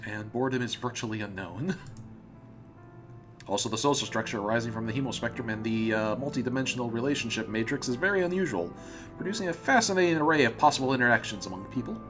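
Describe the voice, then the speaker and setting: Hosting a let's play, a man reads a visual novel aloud and adds amused commentary, often laughing and stumbling over the words. His voice is mid-range and a bit bright.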